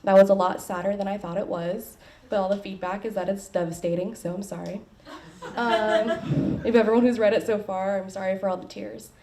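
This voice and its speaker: A woman at an open mic, bubbly and giggly as she chats, then reading her poem in a measured way. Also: mid-range voice, steady tone, dark tone, a little hiss or hum. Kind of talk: poetry reading after casual chat. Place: open mic at a poetry library. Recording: distant mic in a room.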